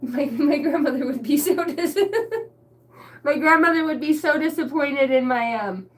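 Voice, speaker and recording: A woman rambling casually to camera from a basement, laughing often and swearing as she tells stories. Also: high voice. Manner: laughing, profane, storytelling with quick asides. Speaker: spiritual reader and vlogger. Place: basement room lit by a ring light.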